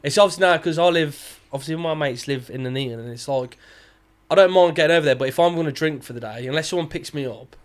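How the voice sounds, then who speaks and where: Quick young lad on a podcast, a bit high, rambling stories with lots of swearing and false starts. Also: male voice. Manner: chatty storyteller, swears freely, many restarts. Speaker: podcast co-host. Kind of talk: casual chat.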